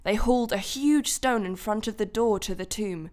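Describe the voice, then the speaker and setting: A woman teaching a Bible lesson to children in a gentle way, asking her listeners questions. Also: medium pitch, moderate pace.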